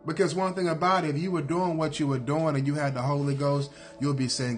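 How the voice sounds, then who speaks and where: A man's voice: fairly high pitch, fairly even intonation, fairly quick, faint music behind. A man preaching a sermon in a blunt, repetitive cadence, hammering his points again and again.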